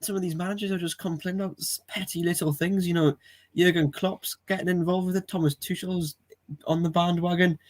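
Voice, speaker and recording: An English man co-hosting a casual football podcast, talking in an earnest, opinionated way with some halting restarts. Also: high-pitched, level tone. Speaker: podcast co-host.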